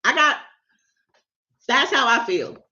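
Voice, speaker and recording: A woman's voice: a little high, animated, takes it slowly, pushed and bright, lo-fi sound. A woman hosting a casual livestreamed devotional, candid and confiding, often stammering and repeating words. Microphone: camera or phone livestream.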